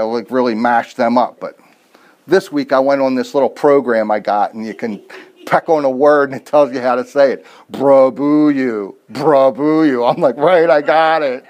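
A man preaching a casual sermon, telling everyday stories and asking rhetorical questions, with self-deprecating asides. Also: fairly high pitch. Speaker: pastor.

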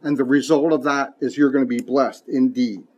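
A man's voice: mid-range voice, steady tone, moderate pace, a little mellow, dull audio. A man preaching a sermon who reads scripture aloud emphatically and mixes in folksy, casual asides.

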